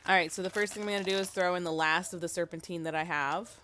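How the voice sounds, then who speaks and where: Speaking fast in a fairly low, steady, fairly bright voice, a woman chats through a casual how-to vlog about her rock tumbler. She sounds sick, thinking aloud with ums and fillers, over a little hiss or hum.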